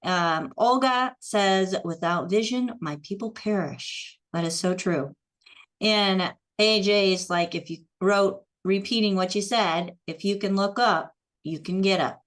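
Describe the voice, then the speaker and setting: A woman's voice: mid-range voice, unhurried. A woman hosting a live show, upbeat as she reads out viewer comments and takes callers. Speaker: host.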